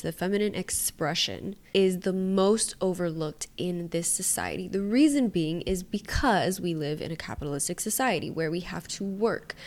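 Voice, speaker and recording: A woman with a slightly low voice hosts her own podcast alone. She talks casually and bluntly and swears freely. Now and then she drops to a quiet, hushed aside. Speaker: podcast host. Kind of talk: solo podcast monologue.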